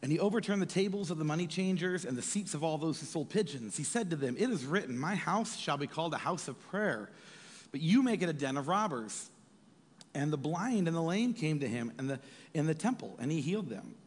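Animated male pastor in an echoey hall. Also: on the high side, brisk. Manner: animated, acts out voices of biblical figures. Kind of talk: sermon.

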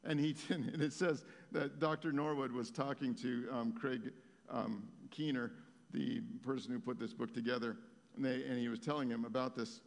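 A man's voice: mid-range voice, fairly even intonation, normal speed, creaky, in a large hall. A man preaching a sermon as pastor, telling stories in a conversational way with many fillers and restarts.

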